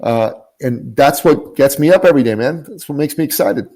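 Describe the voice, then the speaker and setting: Earnest male guest, emphatic storyteller, mid pitch, repeats himself for effect. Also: brisk, warm tone, poor audio. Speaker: guest, business coach. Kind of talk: podcast interview storytelling. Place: lives in Canada.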